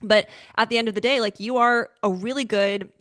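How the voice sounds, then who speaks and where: A woman hosting a podcast, chatting in a relaxed, rambling way with many fillers. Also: a little high, brisk, no echo. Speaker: podcast host. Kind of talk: casual conversation.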